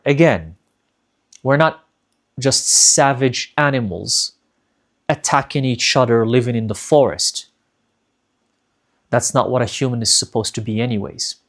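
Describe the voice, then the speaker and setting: A man giving a motivational spiritual talk, earnest and direct, repeating key points for emphasis and speaking straight to his listeners. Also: medium pitch. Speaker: spiritual teacher.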